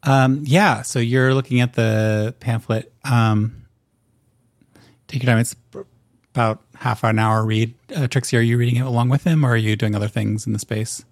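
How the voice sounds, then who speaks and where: A man narrating a tabletop game as game master, relaxed and halting, with frequent fillers. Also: medium pitch, no echo, studio quality.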